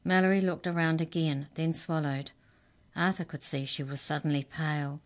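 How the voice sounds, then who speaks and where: A woman reading a children's story aloud in a lively, expressive way. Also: low-pitched, moderate pace.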